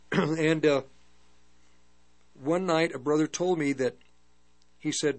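An older man preaching and telling a personal testimony in a halting storytelling way, with many restarts. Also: a little high. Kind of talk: testimony sermon.

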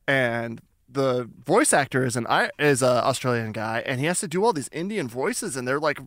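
A man co-hosting a podcast in casual chat, animated and quick to laugh. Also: medium pitch, dry recording, clean studio sound. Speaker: podcast co-host.

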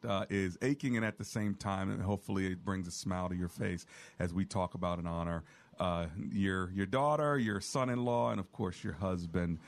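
A man with a lowish voice hosts a Christian radio call-in show. He talks in an affirming way and often chimes in while others speak. His delivery is that of a seasoned host. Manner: affirming, interjecting.

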